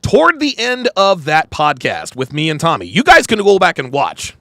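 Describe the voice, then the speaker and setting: A man's voice: a little high, wildly swooping pitch, moderate pace, creaky, sharp tone, no echo, studio quality. A man hosting a podcast livestream, ranting bluntly and crudely while reacting to clips and chat. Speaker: podcast host. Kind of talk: livestream commentary.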